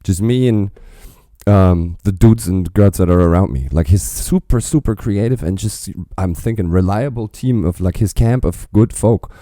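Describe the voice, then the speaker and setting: A man with a very low, mellow voice comments on a song in a loose, profane, rambling way. His pitch swings widely as he gets worked up. The sound is dry and close, with no room echo. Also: moderate pace. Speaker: reaction video host. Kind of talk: casual reaction commentary.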